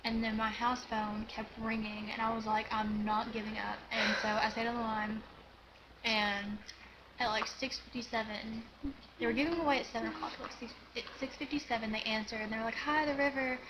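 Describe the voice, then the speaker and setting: A teenage girl chatting casually on a home video, excited and rambling, with lots of giggles and "like"s. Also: fairly high pitch, brisk, background noise. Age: teens. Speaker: vlogger. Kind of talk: casual storytelling chat.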